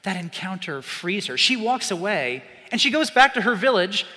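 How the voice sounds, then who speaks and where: A man with a high, bright voice preaches a sermon, shifting from loud emphatic bursts to quiet, slow asides. His words ring out with a long reverb, as if heard through a large hall. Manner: animated, swings from loud emphasis to hushed asides.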